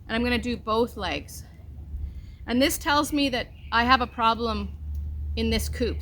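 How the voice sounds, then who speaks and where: A woman with a slightly high voice talks in a relaxed, instructional way, like a farm vlogger showing her chores. She coaxes her animals in a gentle, chatty tone. Steady outdoor noise runs under her voice. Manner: chatty, coaxing talk to animals. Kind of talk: casual instructional vlog.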